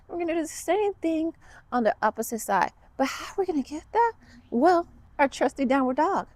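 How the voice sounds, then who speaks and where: A woman's voice: high-pitched, animated, fairly quick, a little mellow, no room sound. A woman guiding a kids yoga class, upbeat and encouraging with playful cues.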